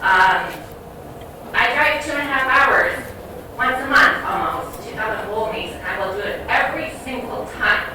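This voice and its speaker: A woman's voice: on the high side, expressive, normal speed, noisy background. A woman giving an emotional, laughing thank-you speech at a retirement party. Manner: laughing, chatty, raising a beer between thanks. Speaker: guest speaker at a retirement roast. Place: large banquet hall at a bowling event. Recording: echoey hall, distant mic, loud crowd.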